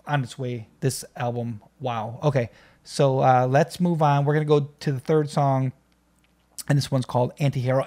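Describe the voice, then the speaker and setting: A man hosting a music reaction video, talking casually and enthusiastically with many fillers and restarts. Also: medium pitch.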